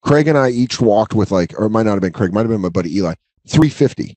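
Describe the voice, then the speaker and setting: A man in his thirties telling a profane, animated story in casual chat. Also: lowish voice, fast talker, no echo, low-quality recording. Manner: profane, animated, acts out customers' voices. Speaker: guest storyteller.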